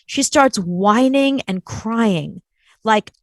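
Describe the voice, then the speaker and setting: A woman's voice: fairly high pitch, very slow, dry recording. A woman co-hosting a show, telling a story in casual chat and acting out the people she quotes. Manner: animated, acts out quoted voices. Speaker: co-host.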